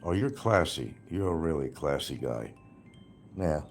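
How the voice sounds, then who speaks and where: A man's voice: extremely low pitch, expressive, measured pace, husky. A man ranting on a livestream, taunting and sarcastic, swearing and chuckling at the person he attacks. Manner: taunting, profane, sarcastic, laughing at his target. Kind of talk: livestream rant.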